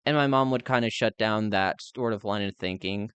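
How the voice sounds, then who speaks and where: A man's voice: lowish voice, normal speed, fairly bright tone, clean tone, no echo. Candid, rambling young man. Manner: candid, rambling, heavy on filler words. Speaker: live streamer. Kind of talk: casual chat.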